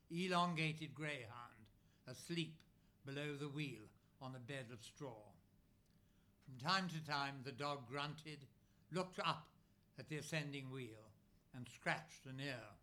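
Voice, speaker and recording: A man reading a literary novel aloud as narrator, in measured phrases with frequent pauses. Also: on the high side, bright, forceful tone. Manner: measured, pausing often between phrases. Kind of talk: scripted narration.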